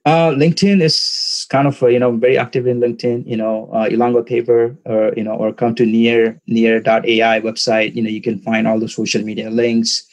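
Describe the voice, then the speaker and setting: A man whose first language is Tamil, a podcast guest talking casually and haltingly, with lots of fillers. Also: mid-range voice, poor audio. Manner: relaxed, halting, many fillers. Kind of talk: casual interview talk.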